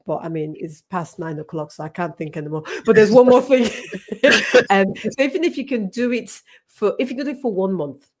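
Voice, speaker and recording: A woman's voice: medium pitch, animated, a little fast, darkish tone. A woman in her thirties, a health professional, talking candidly in a live panel discussion and laughing often.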